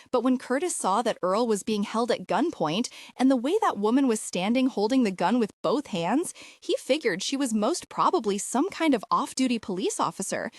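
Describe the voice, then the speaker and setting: A woman narrating a fiction audiobook with expressive storytelling. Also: fairly high pitch, dry recording, studio quality.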